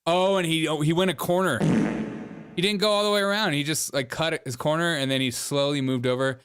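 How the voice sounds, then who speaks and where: A man's voice: a little high, fairly even intonation, fairly quick, a bit bright, smooth. A man hosting a casual reaction commentary, mocking the clips he watches and laughing often as he talks. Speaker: host.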